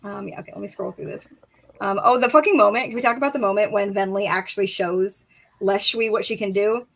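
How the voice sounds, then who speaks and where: A young woman co-hosting a casual live book discussion, excitable and profane, acting out quotes from the books. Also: medium pitch, fast, vocal fry, poor audio. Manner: excited, swears a lot, acts out quotes. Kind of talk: casual live-stream chat.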